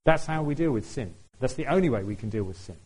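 A man's voice: mid-range voice, lively intonation, fast, darkish tone, husky, low-quality recording. A man preaching a sermon in a conversational way, putting questions to the congregation and laughing now and then.

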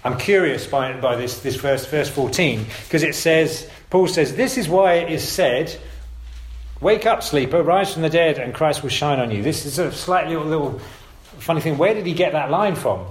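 A preacher speaking at normal speed has a higher-than-average, expressive voice, with a little hiss or hum in the background. His informal sermon to the congregation is conversational and emphatic, and he often corrects himself, with a roomy echo around him.

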